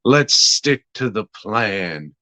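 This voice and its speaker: A man's voice: fairly low pitch, sing-song, drawn-out words, sharp tone, no echo, exaggerated voice. A man voicing a worried middle-aged man who urgently pleads with a friend. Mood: pleading.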